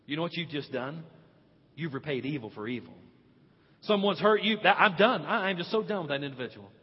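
Male pastor, sermon delivery with big loud-soft swings, dull lo-fi church recording. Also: fairly high pitch, animated, brisk, breathy edge. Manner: preaching with sweeping swings from quiet to loud, stretching key words. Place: church sanctuary. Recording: dull lo-fi audio with long hall reverb.

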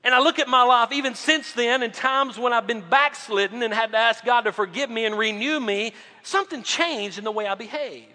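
A male pastor preaching a sermon, swinging between loud emphatic lines and quiet low drops. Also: fairly quick, few pauses, long reverb tail.

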